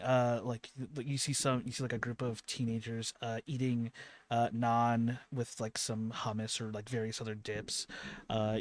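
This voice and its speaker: A medium-pitched man narrates as game master of a tabletop role-playing game, rambling with lots of fillers and restarts.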